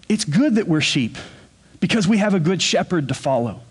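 A man preaching a sermon as pastor, earnest, and he slows down to stress key words. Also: high-pitched, sing-song, husky.

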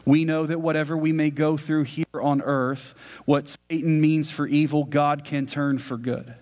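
A man's voice: a little high, little pitch movement, normal speed, darkish tone. A man preaching a sermon as a pastor, conversational, often checking in with his listeners. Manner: conversational preaching with frequent "right?" asides. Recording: church hall reverb.

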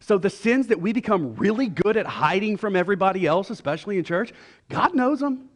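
A man's voice: sits high, lively intonation. A middle-aged man preaching a sermon in a church, conversational and joking, now and then voicing the people in his stories. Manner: conversational and joking, with quick voiced asides. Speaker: pastor.

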